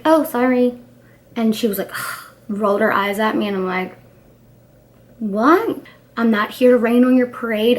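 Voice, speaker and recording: A young woman talking casually to camera, telling stories in a chatty way, full of fillers, asides and acted-out quotes. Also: medium pitch. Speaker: YouTuber. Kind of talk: casual storytime chat.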